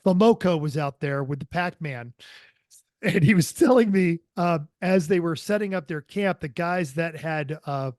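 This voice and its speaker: A man's voice: fairly high pitch, no echo. A chatty male podcast host with a dry studio sound, rambling through his stories with plenty of fillers and asides. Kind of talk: casual chat.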